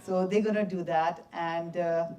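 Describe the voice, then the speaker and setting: Speaking off-mic in a fairly high voice at a moderate pace, a young Indian man, the subject of a film, answers audience questions after a screening in a cinema or festival hall. The audio is dull and distant, and he's a lively storyteller who laughs a lot and uses simple, broken English.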